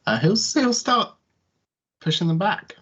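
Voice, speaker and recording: A man's voice: high voice, sing-song, a little slow, fairly bright tone, husky. A man playing a tabletop game, hesitantly describing what his character does. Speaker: player. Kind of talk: casual tabletop play. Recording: dull lo-fi audio.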